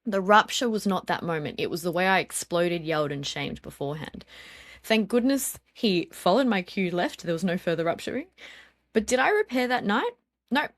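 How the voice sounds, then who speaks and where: A woman's voice: fairly low pitch, no echo. A woman in her thirties, a guest on a parenting podcast, talking earnestly through personal stories with frequent ums and likes. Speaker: interview guest, parenting speaker. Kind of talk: reflective podcast conversation.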